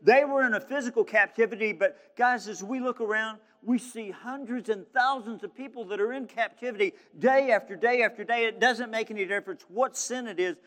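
Fervent high-voiced preacher in a reverberant hall. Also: male voice, brisk, few pauses, fairly bright tone. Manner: fervent, emphatic preaching with restarts. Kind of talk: sermon.

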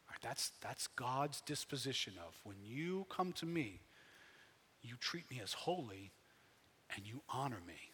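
Animated man preaching in a big hall. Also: mid-range voice, moderate pace, slight background noise. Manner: animated, swings from quiet to shouting. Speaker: pastor. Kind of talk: sermon.

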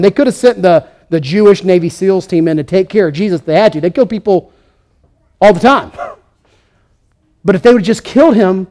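A man's voice: sits high, dark tone. A man preaching a sermon, emphatic, acting out the voices he quotes. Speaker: pastor.

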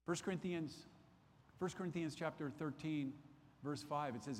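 A man's voice: fairly high pitch, moderate pace, darkish tone, long reverb tail, slight background noise. Earnest man teaching a Bible class. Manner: earnest, repeats key phrases for emphasis. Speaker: Sunday school teacher. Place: church classroom.

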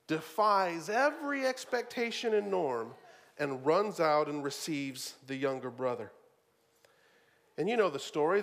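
Animated preacher man with lively pitch. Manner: animated, shifts from loud emphasis to low asides, repeats words. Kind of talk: sermon.

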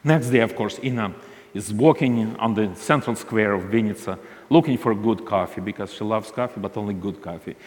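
Low-ish voiced guy, lots of uh and restarts, telling a ministry story, hall echo behind him. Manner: halting, frequent restarts and fillers. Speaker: ministry leader. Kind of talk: storytelling talk.

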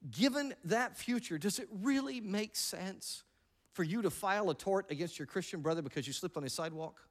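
Male pastor, bright higher voice, animated sermon, jokey asides. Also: brisk.

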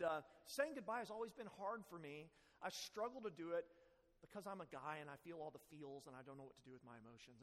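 A man's voice: a little high, long reverb tail. A man preaching a sermon as pastor, earnest and self-deprecating, with rising emphasis on key points.

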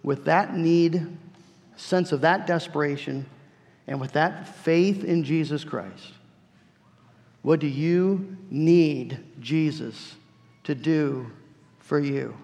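Gravelly preaching man in a reverberant hall. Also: fairly high pitch, slow, pauses often, a little mellow. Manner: earnest preaching with repeated phrases. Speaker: pastor. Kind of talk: sermon. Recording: long church reverb.

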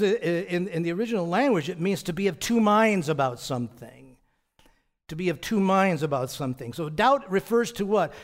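A man with a high voice preaches a conversational sermon as pastor. He poses rhetorical questions and answers them himself, repeats words often, and chuckles between points.

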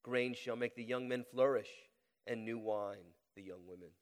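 Pastor with a head cold, echoing hall. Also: male voice, mid-range voice. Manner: deliberately slowed cadence, rising for emphasis in reading. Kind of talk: sermon with scripture reading and prayer. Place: church sanctuary.

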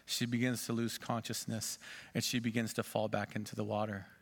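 A man's voice: on the low side, little pitch movement, a little fast, gravelly. A pastor in his forties preaching a sermon and telling a dramatic story. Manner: dramatic storytelling, varying loudness and pace.

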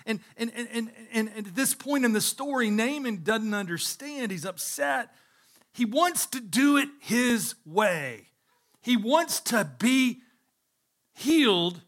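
A male pastor delivering a sermon in a high, bright voice. He stresses his points by repeating phrases and turns to speak straight to the people in the pews. His delivery is emphatic and earnest. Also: animated, slow. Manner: addresses the congregation directly.

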